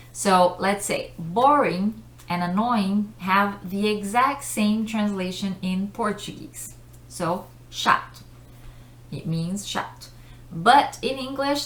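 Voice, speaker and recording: A woman teaching English vocabulary, explaining patiently with simple examples and checking in with "okay?". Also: mid-range voice. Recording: roomy echoey room.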